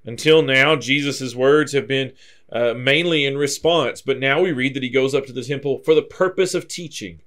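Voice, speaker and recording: Man teaching a verse-by-verse Bible class. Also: mid-range voice. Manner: explanatory, steady, reads scripture aloud then comments.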